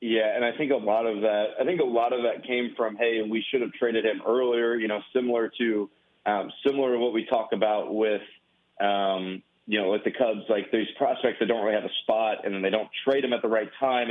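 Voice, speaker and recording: Brief: man, sports talk co-host, calm stats talk, tinny lo-fi sound. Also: fairly low pitch. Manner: measured, explanatory, stats-driven. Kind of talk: sports talk radio analysis. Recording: tinny phone-like line.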